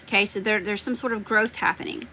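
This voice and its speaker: A woman's voice: mid-range voice, fairly even intonation, quick pace, pushed and bright, a little hiss or hum, low-quality recording. A woman with a Southern US accent giving live tarot readings, chatting and greeting viewers by name. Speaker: tarot reader.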